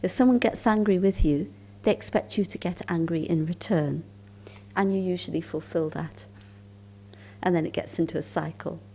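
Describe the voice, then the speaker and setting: Woman giving a spiritual talk, lowish mellow voice, calm storytelling, soft whispery asides. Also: slight background noise. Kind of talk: storytelling lecture at a conference.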